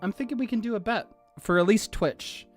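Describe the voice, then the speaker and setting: A streamer chatting casually on a livestream, gushing excitedly and swearing freely, with faint music behind. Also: medium pitch, a little fast.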